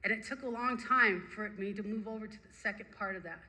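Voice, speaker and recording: Bright-voiced woman telling her recovery story. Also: mid-range voice, fast, poor audio. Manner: animated, emphatic storytelling with repetition. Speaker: recovery meeting speaker. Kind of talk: personal recovery story told to a group.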